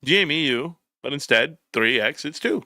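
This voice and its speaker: A man's voice: fairly high pitch, expressive, normal speed, pushed and bright, no echo, studio quality. A young man hosting a casual livestream, joking and riffing as he reads chat messages aloud. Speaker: livestream host.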